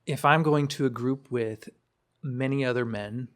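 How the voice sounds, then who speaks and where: A man's voice: medium pitch, unhurried, a bit bright. A man who leads groups, speaking as a podcast guest. He explains his points in a thoughtful way, often restarting his sentences. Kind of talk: reflective podcast talk.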